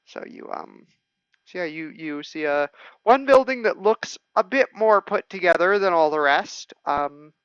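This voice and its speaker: A man narrating a tabletop game as game master, halting and full of restarts as he describes scenes. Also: high voice, animated, fairly bright tone, smooth, no echo. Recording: dull, lo-fi stream audio.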